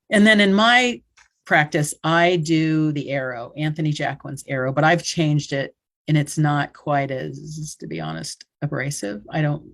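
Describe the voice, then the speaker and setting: Woman, 60s, hypnotherapist; casual online workshop teacher, acts out client lines, heard over a video call. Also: low-pitched. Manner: chatty, acts out client quotes with gestures.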